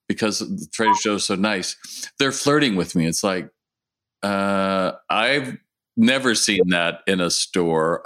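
Low-voiced musing male podcast host. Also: fairly bright tone. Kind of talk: casual interview chat.

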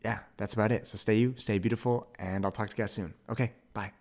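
A young man hosting a podcast, telling a rambling story with quick self-corrections and an upbeat, animated manner. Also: fairly low pitch, gravelly. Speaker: podcast host. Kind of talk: casual monologue.

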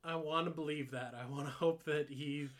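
A young man with a voice pitched a little higher than most men's. He rambles through a casual podcast story, stacking fillers, cursing freely and breaking into laughter as he goes. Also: steady tone, moderate pace. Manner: rambling, full of "like" fillers, laughs while telling stories, swears freely. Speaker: podcast co-host.

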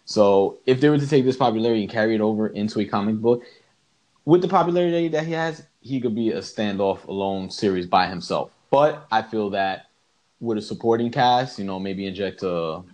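Low-voiced man in loose podcast chat. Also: lively intonation, brisk, a little mellow. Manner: rambling, says "you know" a lot. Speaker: podcast co-host. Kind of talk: casual chat.

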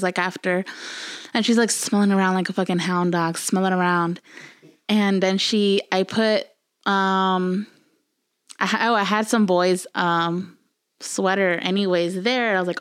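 A woman's voice: medium pitch, steady tone, normal speed, smooth, no echo. Woman podcast co-host, casual storyteller, curses freely, plays all the parts herself, dry sound. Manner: storytelling, swearing, acts out quotes. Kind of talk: casual chat.

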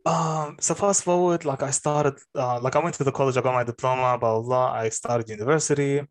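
A young man co-hosting a podcast, telling a story in casual chat, swearing freely and mimicking other people's voices. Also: medium pitch. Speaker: podcast co-host.

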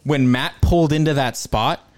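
A young man with a slightly higher-pitched voice, chatting with friends. He tells things bluntly, joking crudely and swearing freely. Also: moderate pace, a little mellow. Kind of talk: casual chat.

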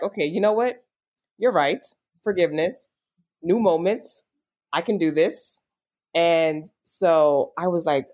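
A young adult woman as an interview guest, telling a personal story with feeling and acting out quoted dialogue. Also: sits low. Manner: emotional, animated retelling with quoted dialogue.

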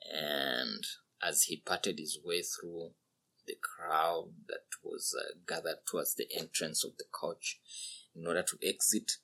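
A man narrating a story in an earnest, unhurried way. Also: very deep voice, fairly even intonation, creaky, sharp tone.

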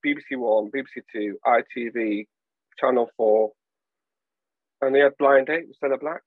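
A man from England chatting casually on a podcast, animated and telling stories while acting out voices. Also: medium pitch, moderate pace, no echo, phone-quality sound. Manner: animated storyteller, acts out voices. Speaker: podcast guest. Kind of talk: casual chat.

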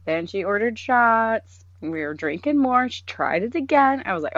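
A woman's voice: on the high side, animated, moderate pace, fairly bright tone, dry recording. A woman in her thirties co-hosting a podcast, telling a story in casual chat and mimicking others in quoted voices. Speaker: podcast co-host. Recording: dull lo-fi sound.

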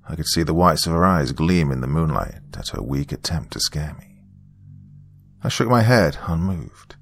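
A man reading a first-person horror story in a measured, hushed storytelling manner. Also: low-pitched, big pitch swings, gravelly, no room sound. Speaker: narrator. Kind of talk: scripted horror narration.

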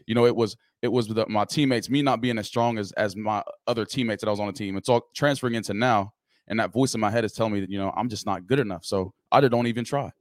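Fast-talking casual podcast host, man. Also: on the low side, dry recording, clean studio sound. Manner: casual, fast, slangy fillers like "you know what I'm saying".

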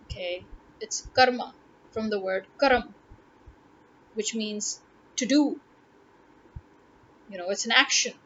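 A woman's voice: mid-range voice, unhurried, pauses often, fairly bright tone, lo-fi sound, a little hiss or hum. A woman language tutor talking casually to camera in an emphatic way, repeating words to drive her points home.

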